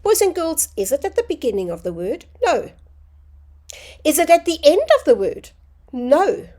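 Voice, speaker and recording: A woman teaching a phonics lesson to young children, sounding out words slowly and clearly. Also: high-pitched, big pitch swings, warm tone.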